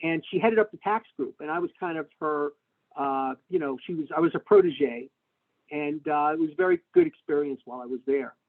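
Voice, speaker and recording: A middle-aged man telling stories in an interview, animated and full of fillers and restarts, speaking over a video call. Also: a little high, a little fast, creaky. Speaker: tax lawyer, interview guest. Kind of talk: conversational interview answers. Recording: tinny phone-like webinar audio.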